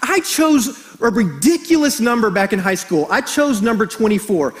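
Middle-aged pastor guy preaching, really high voice, lively and jokey, tells stories. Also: moderate pace. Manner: animated, storytelling, jokes with the congregation. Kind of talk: sermon.

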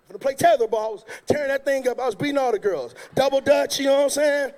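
High-pitched male preacher who tells jokey stories in his sermon, lively and loud at times. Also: fast talker, few pauses. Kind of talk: sermon with comic storytelling.

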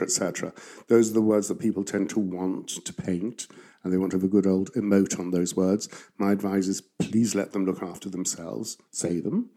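A man's voice: sits low, warm tone. A man who coaches actors, explaining verse speaking in a reflective way and growing emphatic when he gives advice. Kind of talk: expert explaining in a conversation.

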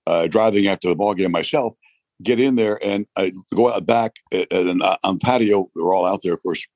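Older New man, husky low voice. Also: no room sound. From New York. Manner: animated storyteller, laughs often, acts out voices. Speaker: retired baseball broadcaster, guest. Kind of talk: storytelling interview.

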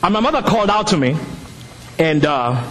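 A middle-aged man, not a native English speaker, preaching a sermon with animated storytelling that rises to shouts. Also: fairly high pitch, moderate pace, slight background noise. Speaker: pastor.

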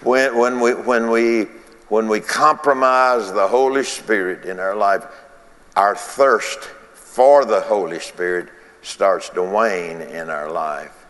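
A man preaches in a drawn-out, unhurried drawl, his voice sitting fairly low. He is folksy and repeats his lines for emphasis. The sound rings with long reverb, as in a large church. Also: a bit bright. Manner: folksy, repeats phrases, laughs between points. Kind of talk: sermon.

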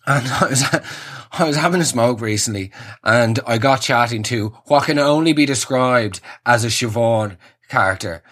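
A young man with a husky voice, giving an exasperated, sarcastic comic rant that swings from high squeals to low mutters. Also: moderate pace, a bit bright. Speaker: comedian.

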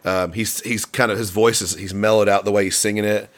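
A man co-hosting a casual album discussion, enthusiastic and halting, full of fillers and restarts. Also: fairly low pitch, fairly even intonation. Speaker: podcast co-host reviewing an album.

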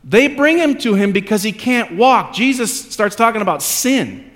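A man's voice: high-pitched, expressive, moderate pace, fairly bright tone, long reverb tail. A male pastor preaching a sermon in a conversational, self-deprecating way that builds into emphatic repetition.

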